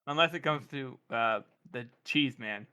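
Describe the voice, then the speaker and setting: A man's voice: mid-range voice, measured pace, sharp tone, clean tone. A man co-hosting a casual book-discussion podcast who jokes around with playful, mock-formal phrasing. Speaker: podcast co-host.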